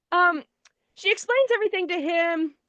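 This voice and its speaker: A woman's voice: very high-pitched, pushed and bright, no echo, dull audio. A woman co-hosting a movie review show, recapping the plot in a casual, wry, sarcastic way. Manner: sarcastic, wry, swears offhandedly.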